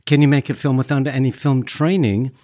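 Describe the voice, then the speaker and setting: A man's voice: mid-range voice, steady tone, fairly quick, darkish tone, no room sound, clean studio sound. A Canadian man with a wry, self-deprecating manner, a guest chatting casually about his work in an interview. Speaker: guest, film festival founder.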